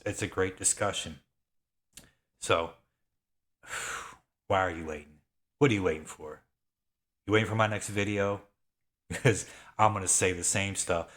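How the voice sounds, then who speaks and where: A man in his thirties making an excited, repetitive sales pitch, getting worked up as he talks. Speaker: affiliate marketer. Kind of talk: excited sales pitch, self-described rant.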